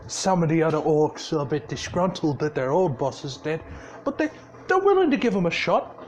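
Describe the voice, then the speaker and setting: A man's voice: fairly high pitch, very animated, normal speed, a little mellow. A man casually improvising a fan story, laid-back and swearing, with frequent restarts.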